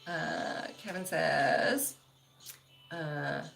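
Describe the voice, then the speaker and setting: Low, gravelly woman chatting on a livestream. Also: extremely slow, fairly bright tone, a little hiss or hum. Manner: chatty, heavy use of "like", laughs often. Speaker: livestream host. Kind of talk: casual livestream chat, reading viewer comments.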